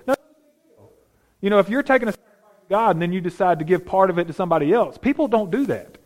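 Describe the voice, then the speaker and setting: Man preaching with emphatic questions. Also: sits high. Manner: conversational, emphatic rhetorical questions. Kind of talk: sermon with scripture reading.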